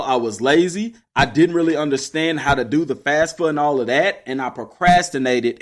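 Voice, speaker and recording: A young man from Texas, telling a personal story casually to his listeners. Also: medium pitch. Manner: animated, addresses listeners as y'all. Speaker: podcast host.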